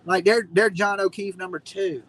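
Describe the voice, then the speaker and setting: A man's voice: sits high, steady tone, normal speed, crowd noise, poor audio. A man hosting a live stream, ranting in a mocking, combative way. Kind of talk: heated casual commentary.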